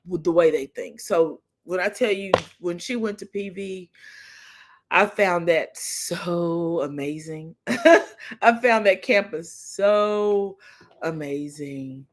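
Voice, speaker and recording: Middle-aged woman host, animated storyteller, lower voice. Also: slow. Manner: animated storytelling, laughs often, acts out her daughter's lines. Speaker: livestream talk show host. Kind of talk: casual chat with live chat viewers.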